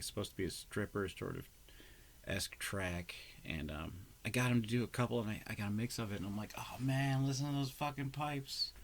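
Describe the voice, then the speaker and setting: A man vlogging in a loose, rambling way, swearing often and swinging between loud bursts and mumbled, half-whispered asides. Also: lowish voice, vocal fry, a little hiss or hum. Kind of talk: casual rambling vlog talk.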